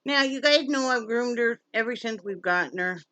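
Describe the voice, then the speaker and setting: A woman's voice: fairly high pitch, expressive, normal speed, pushed and bright, no echo. A chatty woman from Wyoming vlogging at home, switching between folksy talk to viewers and coaxing, sing-song baby talk to her dog. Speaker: vlogger, pet rescuer. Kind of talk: casual home vlog.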